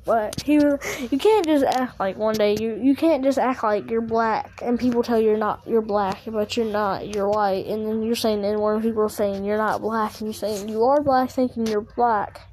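A woman's voice: a little high, fairly even intonation, normal speed, hardly any pauses, darkish tone, a little hiss or hum. A woman telling a casual story in a rambling, profane way, full of restarts and fillers.

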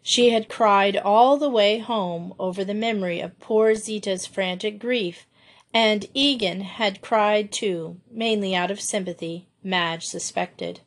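A woman narrating a children's story aloud in a measured storytelling manner. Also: mid-range voice. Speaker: audiobook narrator. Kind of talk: scripted narration.

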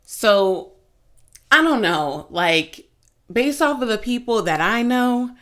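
Twenty-something woman hosting a chill podcast, bright crisp voice, talks slow and drawn out, giggly and animated. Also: fairly high pitch. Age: 20s. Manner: giggly, animated storytelling with sudden loud outbursts. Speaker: podcast host. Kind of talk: casual chat.

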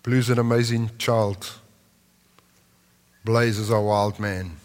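A man preaching a sermon in a large church hall, moving between impassioned lines and soft, prayerful tones. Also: fairly low pitch, fairly even intonation, slow pace. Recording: long reverb of a large hall.

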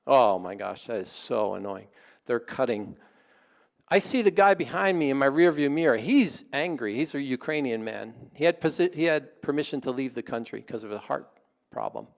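A pastor telling a story in his sermon, in a conversational and animated way. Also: medium pitch, normal speed, vocal fry.

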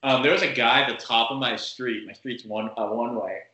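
Casual rambling man, bright echoey sound. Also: mid-range voice, steady tone, normal speed. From Massachusetts. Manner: rambling, lots of fillers. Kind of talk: casual chat.

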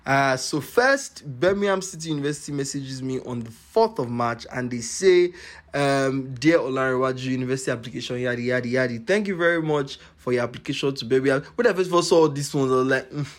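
A young man hosting a podcast, telling a personal story in an animated, exclamatory way, laughing as he goes. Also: medium pitch, a little fast. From Nigeria. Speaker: podcast host.

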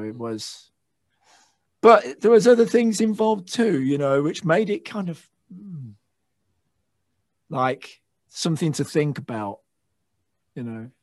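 A man with a fairly high voice tells stage stories with rising excitement, swearing freely and shouting out quotes. The sound is dry and close. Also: no room sound. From England. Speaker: guest guitarist. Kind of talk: casual storytelling interview.

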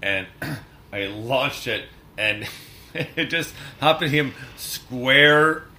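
A man guesting on a casual podcast, an animated storyteller who swears freely and laughs through his own anecdotes. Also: medium pitch, very slow, a little hiss or hum.

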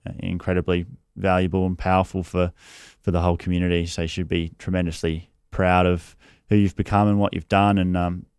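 A man hosting an interview, speaking in a measured, affirming way. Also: deep voice, flat delivery, darkish tone, clean tone, dry recording, clean studio sound. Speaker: interview host. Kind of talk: conversational interview.

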